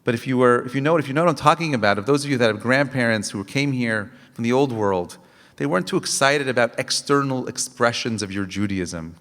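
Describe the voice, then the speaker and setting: A man's voice: mid-range voice, fairly quick, fairly bright tone, in a large hall. A man, a rabbi, giving an impassioned Tisha B'Av lecture, asking rhetorical questions and telling stories with frequent restarts.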